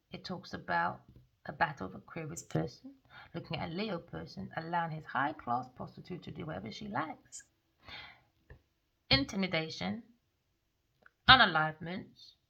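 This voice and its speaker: A woman's voice: mid-range voice, vocal fry, pushed and bright. A woman doing a casual tarot reading in a theatrical, sassy way, often swearing. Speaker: tarot reader.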